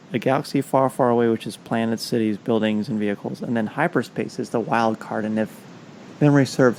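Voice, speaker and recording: A man hosts a podcast and runs a trivia game, reading questions at an unhurried pace and teasing his guests. His voice sits at an ordinary middle pitch. A faint low rumble hums under the recording. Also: darkish tone, poor audio. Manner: playful, teasing, reads questions slowly. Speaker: podcast host. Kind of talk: casual chat, quizmaster reading trivia cards.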